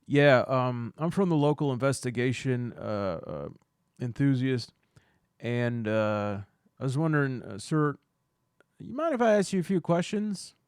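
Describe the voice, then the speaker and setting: A man playing an awkward male out-of-town investigator in a put-on Southern US accent, fumbling and halting. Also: mid-range voice, lively intonation, darkish tone, clean tone, no echo, clean studio sound.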